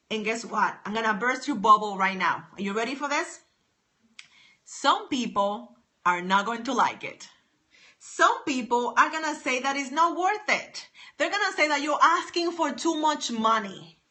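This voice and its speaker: A woman business coach with a fairly high, sharp voice live streams from her home office. Her motivational talk is emphatic and exuberant, full of repetitive exhortations.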